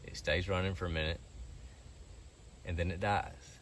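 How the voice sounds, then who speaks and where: A man's voice: low voice, fairly even intonation, normal speed, a bit bright, slight background noise. A man telling a long, aggrieved story about a car repair in a rambling, casual way.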